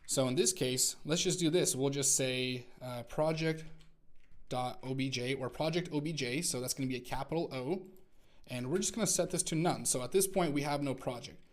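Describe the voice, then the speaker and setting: A man's voice: medium pitch, normal speed. Man walking through code as he types. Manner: talks through typing step by step, self-correcting. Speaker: programming instructor. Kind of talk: screencast coding tutorial.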